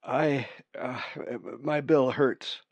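A man's voice: mid-range voice, steady tone, no echo, voice pushed up. A man voicing a hurt, confused young male raven who stammers, recorded dry and a little dull. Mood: dazed, frightened. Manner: halting, stammering.

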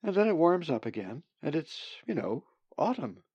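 A man voicing a gentle motherly female raven. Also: fairly high pitch, very animated, normal speed, husky, no room sound, lo-fi sound, pitched above the performer's own voice. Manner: soothing, reassuring.

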